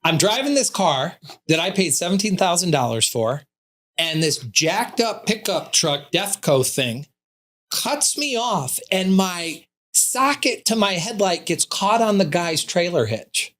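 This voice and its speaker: A man's voice: high voice, measured pace. A man, an insurance agent, telling stories playfully in a casual podcast chat. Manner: animated storyteller, playful.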